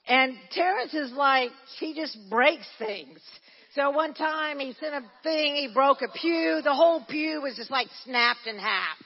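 A woman pastor preaching a sermon, telling a story with animated energy and shouting at its high points. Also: unhurried. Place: church hall. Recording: dull lo-fi recording in a church hall.

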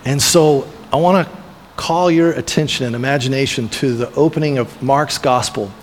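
A man's voice: medium pitch, normal speed, slight background noise. A man preaching a sermon as pastor, retelling a biblical story in a storytelling way and briefly acting out the voices of the people in it. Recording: long reverb of a large hall.

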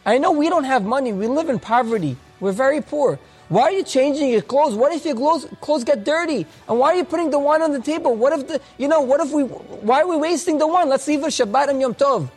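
A man voicing an excited ten-year-old boy who pleads and asks insistent questions. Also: very high-pitched, brisk, faint music behind, pitched above the performer's own voice. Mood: pleading.

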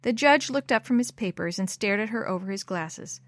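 A woman's voice: medium pitch, no echo. Woman reading a storybook, dry close sound. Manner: clear, measured storytelling. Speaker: narrator.

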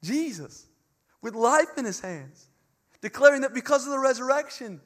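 A man preaching an Easter sermon, earnest and impassioned, with emphatic repetition and swings between hushed phrases and loud climaxes. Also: very high voice, expressive, normal speed.

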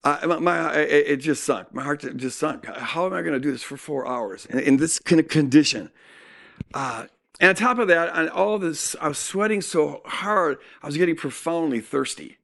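A man telling a personal story in a sermon, animated and acting out what people said. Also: on the high side, moderate pace, creaky. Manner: animated storytelling with acted-out quotes. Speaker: speaker.

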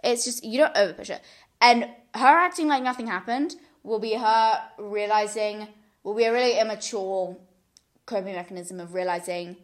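A woman's voice: mid-range voice, a little fast, fairly bright tone. A young woman hosting a podcast, giving earnest advice in casual chat, with lots of restarts and repeated words.

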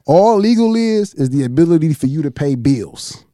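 Profane, animated man telling his story. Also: fairly high pitch, moderate pace, no echo, studio quality. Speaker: podcast host. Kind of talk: casual storytelling chat.

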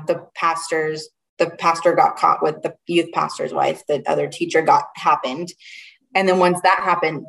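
A young woman with a notably low voice recounts a personal story in an interview. She speaks earnestly and haltingly, often restarting her sentences. Her voice sounds set back from the microphone. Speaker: interview guest. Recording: voice a little far from the mic.

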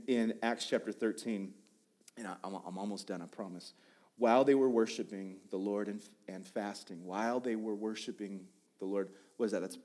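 A man preaching a sermon in a conversational, animated way, often restarting his phrases. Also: fairly low pitch. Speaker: pastor.

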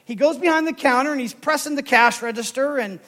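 An emotional male preacher with a strikingly high voice for a man, telling a story in his sermon. He moves from hushed narration to shouted, fervent calls, and his pitch stays very high throughout. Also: fairly quick. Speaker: pastor.

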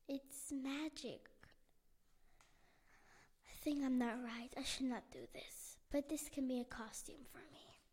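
A woman voicing an excitable six-year-old girl bunny, bubbly and childlike. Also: high voice, slow pace, pauses often, slightly rough, heavily acted. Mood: doubtful.

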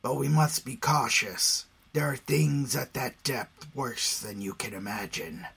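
A man voicing a grim, secretive male leader who speaks in a hushed, breathy whisper. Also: medium pitch, a little slow, heavily acted. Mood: hushed, grave.

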